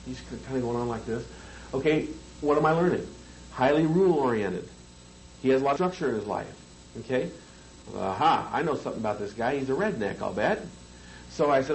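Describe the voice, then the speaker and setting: A man's voice: mid-range voice, lively intonation, brisk, a little hiss or hum, poor audio. Man teaching hypnosis in a casual seminar lecture. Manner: conversational, keeps checking in with the room. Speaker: hypnosis trainer.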